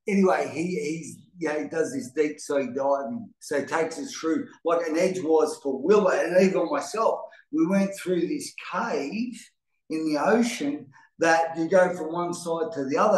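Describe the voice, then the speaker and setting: A middle-aged man hosting a live motivational talk, earnest and rambling, often restarting his words. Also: fairly high pitch. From Australia. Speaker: host. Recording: roomy echo.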